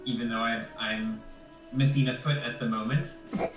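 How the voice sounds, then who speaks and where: A man voicing an earnest, gentle adventurer who stammers sincerely. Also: mid-range voice, steady tone, moderate pace, distant mic, over music, close to an everyday voice. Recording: echoey room, off mic.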